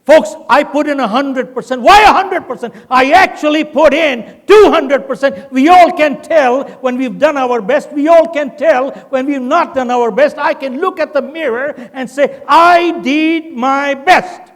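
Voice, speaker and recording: An older man from India, the keynote speaker, gives a motivational talk in a large conference hall, acting out quotes in his story. He has a very high voice, speaks at a moderate pace with few pauses, and the recording has long hall reverb.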